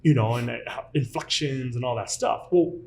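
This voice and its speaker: A man in his thirties hosting a podcast, telling stories in a lively, self-deprecating way. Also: medium pitch, normal speed. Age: 30s. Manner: animated, self-deprecating storyteller. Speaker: podcast host. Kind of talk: casual chat.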